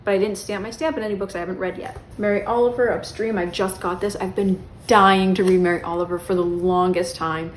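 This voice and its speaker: A woman's voice: medium pitch, fairly even intonation, brisk, hardly any pauses, a little hiss or hum. A young woman vlogging casually about her books, chatty and self-mocking, with plenty of "um" and "like" as she rambles. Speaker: book vlogger. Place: bedroom. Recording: echoey room.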